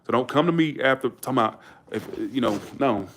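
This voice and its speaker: A man from Georgia with a Southern accent, chatting bluntly and quickly to his livestream viewers, swearing freely. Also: medium pitch, a bit bright, a little hiss or hum. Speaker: livestream host. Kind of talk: casual livestream chat.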